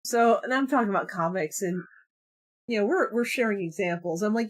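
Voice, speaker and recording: A woman in her forties chatting casually on a live stream, telling stories in an animated way and laughing often. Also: mid-range voice, fairly quick. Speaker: streamer and comic artist.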